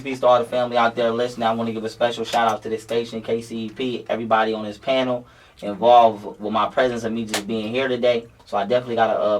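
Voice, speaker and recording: Young male radio guest, quick talker. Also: lowish voice, distant mic, slight background noise, low-quality recording. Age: young adult. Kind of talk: radio interview. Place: radio studio.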